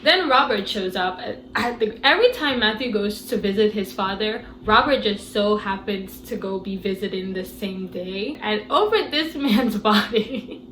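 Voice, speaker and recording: A woman giving a casual movie review, retelling scenes in an animated, incredulous way. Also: mid-range voice, moderate pace, hardly any pauses, roomy sound, a little hiss or hum, poor audio.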